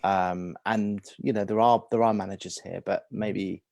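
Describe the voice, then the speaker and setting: A man's voice: on the low side, fairly even intonation, normal speed, creaky, a little mellow, no echo, muffled recording. A man, a guest agent in a casual interview, speaking hesitantly with many restarts.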